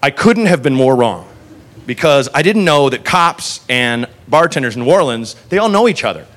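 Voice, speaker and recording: A male comedian telling a stand-up story in an animated, wry way, with laughing asides. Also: medium pitch, moderate pace.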